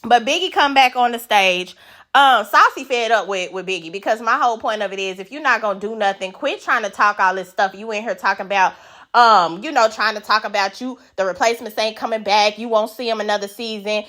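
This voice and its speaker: A woman's voice: medium pitch, fairly quick. A woman giving a casual, blunt recap of a reality show, swearing freely and acting out the cast's lines. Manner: animated, blunt, swears, acts out quotes in a raised voice.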